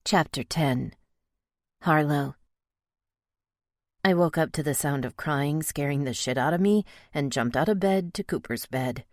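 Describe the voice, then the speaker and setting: Brief: female romance audiobook narrator, low voice, expressive, dry close-mic studio read. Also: unhurried, pauses often, no echo.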